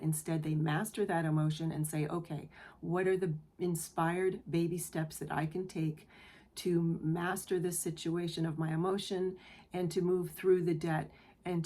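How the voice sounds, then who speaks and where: A woman hosting her own channel, giving an earnest, affirming tarot reading to her viewers, moved close to tears. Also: low voice. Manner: gentle, earnest, affirming; emotional, near tears. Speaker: tarot reader, channel host. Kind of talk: spiritual tarot reading to camera.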